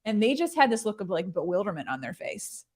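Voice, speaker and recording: A woman's voice: medium pitch, sing-song, a little fast. A woman hosting a casual livestream chat, bubbly and chatty, filling her talk with "like". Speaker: show host.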